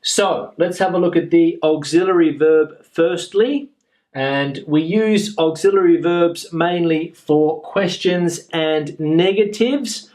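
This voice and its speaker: Slow, patient male teacher. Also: fairly high pitch, a little mellow. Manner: slow, patient, repeats example sentences. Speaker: English teacher. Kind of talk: grammar lesson explanation.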